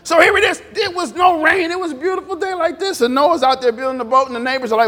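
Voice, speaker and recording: A man preaching an informal, conversational sermon, animated and repetitive, drawing responses from the congregation. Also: extremely high pitch, fast, hardly any pauses. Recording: long reverb in a church hall.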